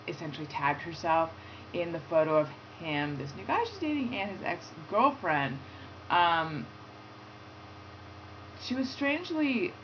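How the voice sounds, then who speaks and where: Chatty woman host, lo-fi recording. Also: on the low side. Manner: chatty, storytelling, self-deprecating, quick asides. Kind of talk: casual chat and phone interview. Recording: lo-fi with faint noise.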